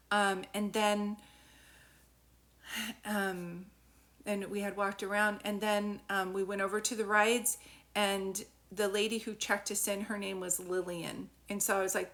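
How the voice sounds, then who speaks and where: A chatty woman medium talks through a story on a live stream, speaking into her phone. Her voice sits at an ordinary middle pitch, and she keeps stopping to thank viewers by name before picking the story back up. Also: a bit bright. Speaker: psychic medium.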